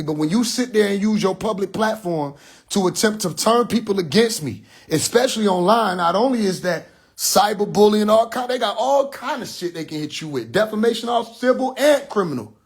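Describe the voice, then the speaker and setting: A man's voice: high voice, breathy edge. A man ranting in a vlog, agitated and profane, repeating his points. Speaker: rapper and online commentator. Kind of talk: emotional vlog rant.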